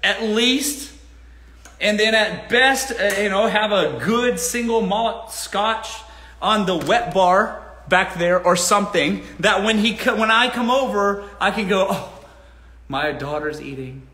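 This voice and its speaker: A man's voice: sits high, unhurried, bright, forceful tone. A man hosting a casual live Q&A, talking bluntly and swearing freely. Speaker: host. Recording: roomy echo.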